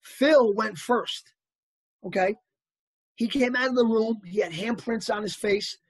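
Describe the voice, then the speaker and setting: A man telling stories as an interview guest, animated and acting out the people he quotes. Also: high voice, a little slow, slightly rough, dry recording. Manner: animated anecdotal storyteller, acts out quotes. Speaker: actor guest. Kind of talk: casual storytelling interview.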